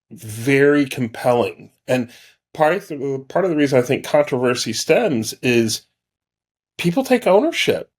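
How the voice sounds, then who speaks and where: Male podcast guest, thoughtful and reflective, mid pitch. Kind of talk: casual chat.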